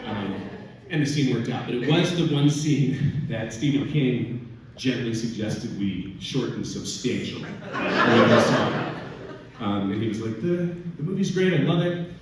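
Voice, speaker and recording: A man, a filmmaker, telling a lively anecdote at a live audience Q&A, often laughing as he talks. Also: medium pitch, unhurried. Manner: lively storyteller, often laughing through his words. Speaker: filmmaker answering audience questions. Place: event hall with an audience. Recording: echoey hall from far off, loud noise.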